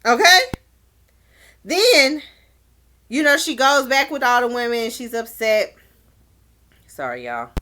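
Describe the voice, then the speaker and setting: A woman's voice: high-pitched, slow, long pauses, sharp tone. A woman recapping a dating show in a casual vlog, blunt and exclaiming, with slangy asides. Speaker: show reviewer.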